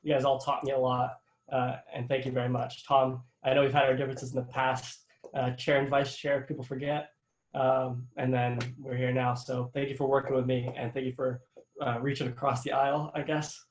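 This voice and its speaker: A young man, a student government vice president, giving a halting, informal farewell speech with many fillers over a video call. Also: mid-range voice, little pitch movement, roomy sound, a little hiss or hum, poor audio. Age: young adult.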